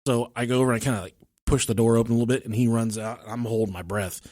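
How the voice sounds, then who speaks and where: A man's voice: mid-range voice, rapid-fire, no room sound, studio quality. A man co-hosting a podcast, telling a long, profane story in casual talk and acting out the people in it. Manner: animated, profane, acts out quotes with shouts and laughter. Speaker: podcast co-host.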